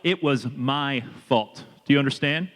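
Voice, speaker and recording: A man giving an energetic motivational leadership talk to students, drawing the audience in. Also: mid-range voice, measured pace. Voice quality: energetic, animated and audience-engaging. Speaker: leadership speaker. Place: large hall with a student audience. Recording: reverberant hall with a long echo.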